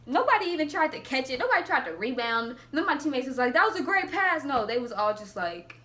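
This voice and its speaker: Young woman vlogger, bright, lively storytelling voice that acts out quotes. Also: high voice, fast. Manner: animated, laughing, acts out quotes. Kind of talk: casual storytelling.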